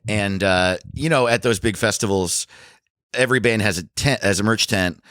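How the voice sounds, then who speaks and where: A man's voice: fairly low pitch, moderate pace, dry recording, studio quality. A man telling a rambling, profane story in casual podcast chat, acting out other people's lines. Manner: animated storyteller, swears a lot, acts out voices. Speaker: comedian podcast guest.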